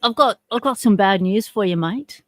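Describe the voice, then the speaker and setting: A woman's voice: medium pitch, expressive, normal speed. An Australian woman hosting a casual livestream chat, full of teasing banter. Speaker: livestream host.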